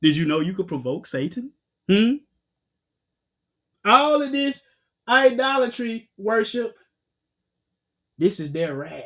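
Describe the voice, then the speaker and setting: A man preaching a Bible-teaching sermon with emphasis. He asks rhetorical questions and answers them himself, and he bursts out loudly when reading scripture. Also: on the high side, sing-song, unhurried, gravelly, pauses often, husky.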